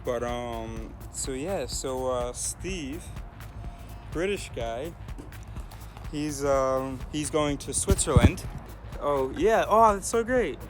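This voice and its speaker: A man talking casually to camera as a hitchhiking vlogger, rambling and thinking aloud with many pauses. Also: medium pitch, lively intonation, over music. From United States. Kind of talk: casual vlog talk to camera.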